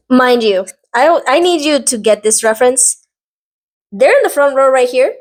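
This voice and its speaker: Speaking directly to her audience, a book and drama recap vlogger delivers a casual, chatty recap in a voice pitched slightly above average. She rambles at a moderate pace, drifts into tangents, and says "like" constantly, staying animated and conversational the whole way.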